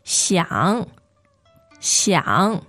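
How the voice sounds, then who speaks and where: A woman's voice: on the low side, big pitch swings, drawn-out words, fairly bright tone, dry recording, faint music behind. A woman co-hosting a language lesson, patiently modeling words with careful repetition. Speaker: Mandarin lesson co-host. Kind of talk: slow model pronunciation.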